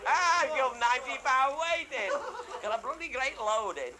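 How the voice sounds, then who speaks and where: Over a loud crowd and heavy background hiss on a rough recording, an older man with a very high, expressive voice tells a meandering funny story at a measured pace. This storyteller curses liberally and performs the voices of each character.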